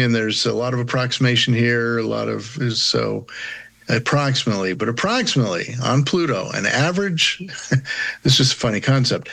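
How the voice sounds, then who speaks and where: A man co-hosting a casual space science podcast, playful and a bit halting, with fillers. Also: medium pitch, gravelly, a bit bright.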